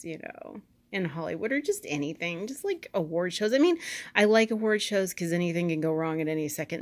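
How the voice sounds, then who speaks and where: A woman vlogger talking to camera in a rambling, skeptical, casual monologue. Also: mid-range voice.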